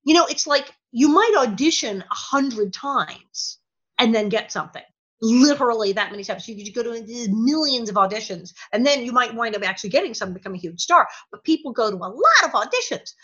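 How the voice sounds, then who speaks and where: Bright, energetic woman telling stories. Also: fairly high pitch, husky. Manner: energetic, laughing, quick asides and acted-out quotes. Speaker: interview guest, former child actor. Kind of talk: animated storytelling in conversation. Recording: dull lo-fi audio.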